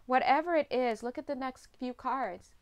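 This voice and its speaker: A woman's voice: high-pitched, moderate pace, clear, resonant tone. A woman giving a chatty, casual tarot reading, laughing often. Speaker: tarot reader.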